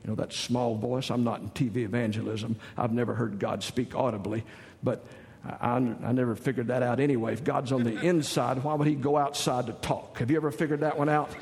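Speaking at medium pitch with a steady tone, a middle-aged pastor from the Southern US talks a little fast in a creaky, darkish voice. His sermon is folksy, joking and built on stories. Long reverb from a large hall colors the recording.

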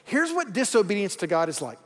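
A man's voice: high-pitched, very animated, fairly quick, a bit bright. Conversational preacher man in a reverberant hall. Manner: conversational, joking, acts out quoted voices. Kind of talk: sermon.

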